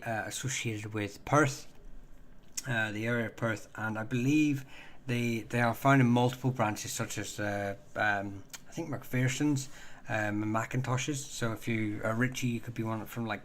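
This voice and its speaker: Slight background noise accompanies this casual live stream, where a man answers viewer questions in a chatty, self-deprecating way, stumbling with ums and restarts. His mid-range voice is a bit bright, with fairly even intonation.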